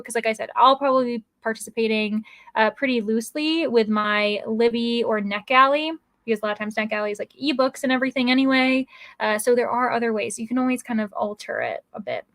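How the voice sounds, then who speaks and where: An American woman chats casually on a reading livestream, her voice a touch high. She rambles through viewer comments with a lot of fillers. The sound is dry and close, with no room echo. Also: fairly bright tone. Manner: chatty, rambling, many fillers. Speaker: livestream host.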